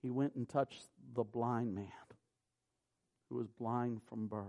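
A man preaching a sermon, moving from quiet, slow scripture reading to loud, impassioned preaching. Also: medium pitch, fairly even intonation, highs cut off. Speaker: pastor.

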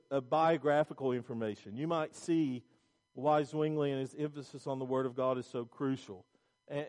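A middle-aged male pastor preaching a sermon, emphatic and repetitive, with restarts. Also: on the high side.

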